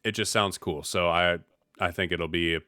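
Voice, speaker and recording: Man, podcast host, from the Midwest, low voice, bright forceful tone, casual slangy chat. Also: steady tone, moderate pace, no echo, studio quality. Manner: laid-back slang, frequent restarts.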